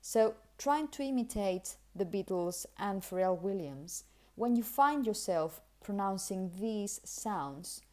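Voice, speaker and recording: Slowly and with animation, a Spanish-accented woman whose first language is Spanish teaches how to pronounce English, walking through careful explanations and repeated sample words. Her voice is medium in pitch with a dark tone.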